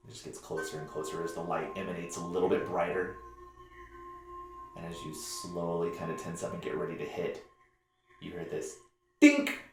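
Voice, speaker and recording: A man narrating a tabletop game as game master, with lively, descriptive storytelling. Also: low-pitched, fairly quick, long pauses, music in the background. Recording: echoey room.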